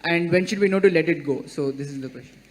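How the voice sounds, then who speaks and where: A man asking a question at a public talk, hesitant and halting, with stumbles and filler sounds. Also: a little high. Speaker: audience questioner.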